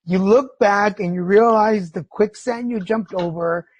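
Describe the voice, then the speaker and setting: A middle-aged man hosts a casual podcast chat with a husky, breathy voice. He tells candid stories with plenty of feeling and swears freely. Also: high voice, unhurried, no echo, muffled recording. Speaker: podcast host.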